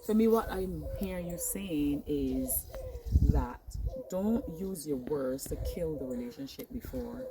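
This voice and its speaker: A woman's voice: low-pitched, lively intonation, a little slow. A woman host asking long, rambling questions in a casual interview. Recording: noisy background.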